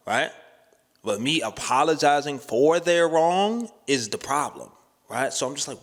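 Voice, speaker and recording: A man's voice: medium pitch, lively intonation, a little slow, pauses often, a bit bright. A man talking candidly and casually to the camera in a rambling, slangy vlog. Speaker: vlogger. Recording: long hall reverb.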